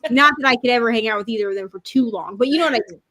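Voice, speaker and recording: A woman with a Minnesotan accent, hosting a casual livestream chat in an animated, emphatic and opinionated way over a video call. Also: a little high, very fast. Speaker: readathon host.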